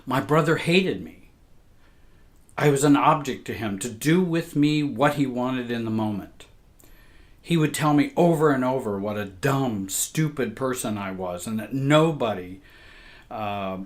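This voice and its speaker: A man reading a personal account aloud in a measured, emotional way. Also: medium pitch. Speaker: therapist and show host.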